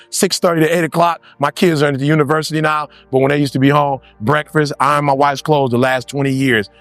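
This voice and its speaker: A man giving an animated motivational speech, repeating lines for emphasis and acting out other voices. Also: fairly high pitch, dry recording. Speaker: motivational speaker.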